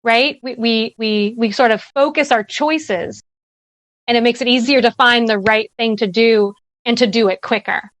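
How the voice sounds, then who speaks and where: Speaking over a video call with a dry sound, a woman presents a workshop at a virtual summit. Her voice is a little high and a bit bright, at a normal speed, and she offers earnest, conversational advice, frequently checking in with "right?".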